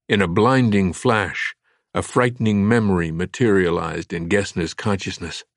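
A male audiobook narrator reads a thriller in a slow, measured, dramatic manner. His voice sits a little low, and the recording is close and dry with no room sound. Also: vocal fry, no room sound. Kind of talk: scripted narration.

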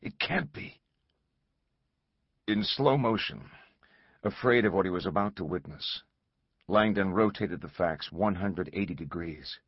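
Male audiobook narrator, low and husky, measured and dramatic; dry booth, slightly dull lo-fi sound. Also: dry recording. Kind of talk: scripted narration.

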